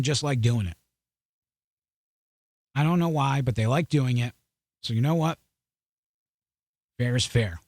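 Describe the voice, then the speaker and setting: A man's voice: a little high, dry recording, studio quality. Blunt, sarcastic male podcast host. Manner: blunt and sarcastic, talks to viewers directly; loose, restarts often. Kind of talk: opinionated news commentary.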